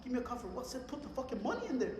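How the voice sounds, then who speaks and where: A man's voice: very high voice, rapid-fire, a little hiss or hum. A young man, telling stories on a casual podcast in a profane mix of English and slang. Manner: animated storyteller mixing English and Spanish slang, profane. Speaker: podcast co-host. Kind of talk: casual chat. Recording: echoey room, long reverb.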